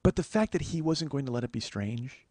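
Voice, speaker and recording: Man, podcast host, solo storyteller, rapid and profane, closely miked in a dead room. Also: expressive, a little mellow, dry recording. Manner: profane, earnest, confessional; acts out quoted voices in a higher pitch.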